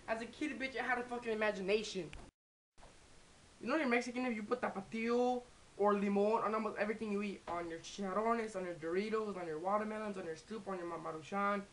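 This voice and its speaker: A woman's voice: medium pitch, slight background noise, rough recording. A young woman in a casual comedy vlog, rambling and swearing with many restarts. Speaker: vlogger.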